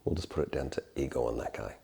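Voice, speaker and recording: Host, man, extremely low and mellow, short interjections. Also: fast, creaky, husky. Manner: chimes in briefly, explains terms. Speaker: podcast host. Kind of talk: casual conversation.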